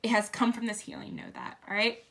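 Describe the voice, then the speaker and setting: Excitable woman tarot reader, bright and high-ish, casual and profane. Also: fast talker. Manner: excitable, swears, shrieks and laughs.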